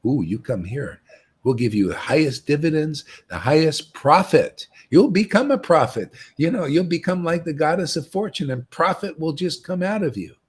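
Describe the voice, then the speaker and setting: A man's voice: on the high side, normal speed, husky. A man giving an informal, rambling spiritual talk, telling stories and mocking other devotees. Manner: rambling, animated storytelling that mocks other devotees. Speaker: spiritual teacher.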